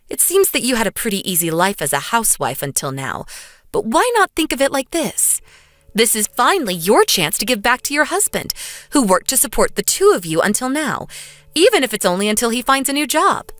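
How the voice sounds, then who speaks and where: A woman voicing a calm young wife who firmly lectures her mother-in-law. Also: on the high side, fairly quick, dry recording, clean studio sound. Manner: cool, lecturing, steady. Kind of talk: dramatized story dub.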